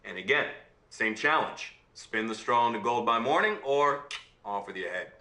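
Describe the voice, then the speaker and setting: A man telling a fairy tale aloud in an animated way, often checking in with his listener. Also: mid-range voice, moderate pace. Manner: animated, checks in with "right?" and "okay?". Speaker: storyteller. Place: room on a video call. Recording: roomy room sound.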